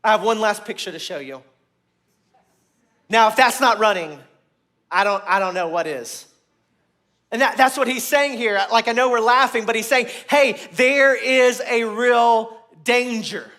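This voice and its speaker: A man preaching a sermon to a room, earnest and repeating his points, growing loud and emphatic at key moments. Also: high voice, moderate pace, long pauses. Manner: earnest, repeats phrases, restarts words.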